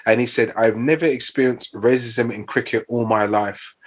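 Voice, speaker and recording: A man's voice: medium pitch, fairly even intonation, normal speed, slightly rough. A man in a casual chat, hesitant with fillers, then giving blunt opinions.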